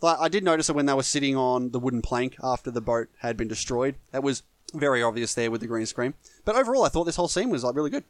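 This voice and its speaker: A man's voice: medium pitch, expressive, quick pace, no room sound. An Australian man co-hosting a casual film review podcast, chatty and joking. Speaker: podcast co-host.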